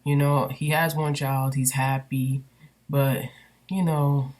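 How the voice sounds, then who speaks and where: A woman's voice: rumbling low, level tone, slow pace, a little mellow. A woman candidly venting in a personal vlog, rambling and emotional with many fillers, recorded on a built-in computer microphone. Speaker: vlogger.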